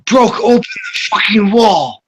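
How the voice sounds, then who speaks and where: A man's voice: high voice, expressive, unhurried, noisy background. A man telling a long, rambling, profane story to friends, laughing as he goes. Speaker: podcast host. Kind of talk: casual storytelling among friends.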